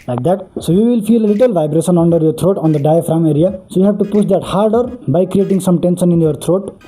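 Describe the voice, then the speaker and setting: A man's voice: sits high, fast, warm tone, slight background noise. A man hosting a beatbox tutorial, explaining each step earnestly and repeating "really, really" for emphasis.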